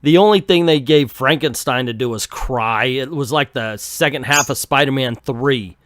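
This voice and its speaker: A man's voice: mid-range voice, moderate pace, a bit bright, no echo. A man hosting a casual comic book recap, narrating the story in a jokey, self-mocking way. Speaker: comic book channel host.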